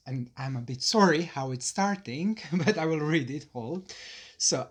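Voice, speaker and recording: A man's voice: medium pitch, lively intonation, normal speed, breathy edge. A man with a Croatian accent, a non-native speaker, reading viewer questions in a friendly, slightly hesitant casual chat. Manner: friendly, laughs easily, hesitant phrasing.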